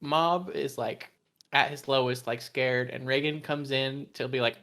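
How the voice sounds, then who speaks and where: A man with a mid-range voice co-hosts a relaxed podcast chat. He gives his opinions, reasons through them and leans on "like" as a filler. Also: medium pitch, measured pace. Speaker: podcast co-host. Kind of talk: casual chat ranking anime characters.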